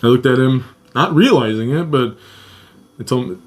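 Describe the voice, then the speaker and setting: A man's voice: mid-range voice, animated, normal speed. A young man casually telling a personal story, swearing a lot, acting out quoted voices and laughing between lines.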